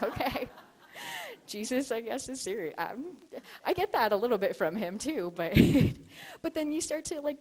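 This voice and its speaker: Woman expo speaker, chatty and giggly, acts out quoted exchanges, mid-pitched. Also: darkish tone. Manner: chatty, giggly, peppers speech with "like". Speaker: expo speaker on spiritual dowsing. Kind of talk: casual storytelling talk to an audience.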